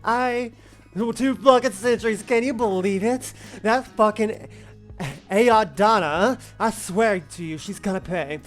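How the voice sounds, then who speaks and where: A woman voicing an excitable young witch friend in game dialogue, gushing and eager with quick questions. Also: mid-range voice, soft background music, natural voice. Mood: excited. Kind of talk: reading game dialogue aloud.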